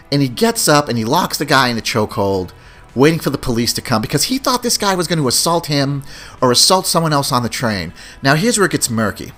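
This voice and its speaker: A male podcast host holding forth on his own, blunt and salty-mouthed. He moves between opinion and personal stories in a mid-pitched voice, with faint music in the background. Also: fairly bright tone. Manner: blunt, profane, storytelling.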